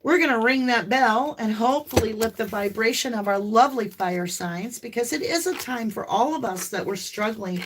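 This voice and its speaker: A woman with a light Southern US accent, hosting a live tarot stream in casual chat, talkative and laughing often, breaking into loud whoops. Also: fairly high pitch, moderate pace, hardly any pauses, slight background noise. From American South.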